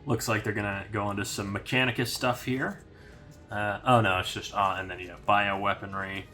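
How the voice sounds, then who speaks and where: A man's voice: lowish voice, normal speed, faint music behind. A young man giving a casual, rambling unboxing review of a hobby magazine, with plenty of fillers. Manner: relaxed, rambling with many fillers.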